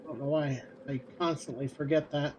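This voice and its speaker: A man talks through his game as he plays, planning his next moves aloud in a loose, rambling way. His voice sits a little high for a man, and a faint ambience hums underneath. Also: fairly quick, muffled recording, background noise. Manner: thinking aloud, relaxed and rambling. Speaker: gamer streamer. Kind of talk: casual gameplay commentary.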